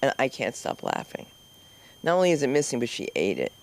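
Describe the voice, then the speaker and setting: A man hosting a comedy open mic, teasing the comics with gruff banter between acts. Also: medium pitch, huge pitch swings, brisk, slight background noise.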